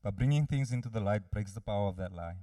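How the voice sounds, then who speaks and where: A man's voice: lowish voice, fast talker, mellow, no room sound, clean studio sound, distant mic. A man preaching a sermon, earnestly addressing his listeners directly.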